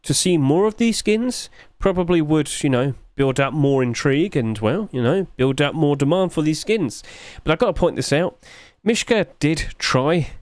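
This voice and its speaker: A sleepy man chatting his way through game skin reviews, rambling along with sudden high-pitched exclamations. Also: lively intonation, normal speed, few pauses, darkish tone, no echo. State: sleepy, yawning. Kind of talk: casual screen commentary.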